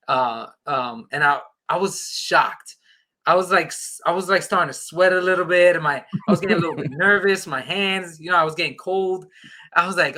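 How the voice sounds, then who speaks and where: A podcast guest with a voice on the high side tells an excited, casual anecdote at normal speed. He acts out the dialogue as he goes.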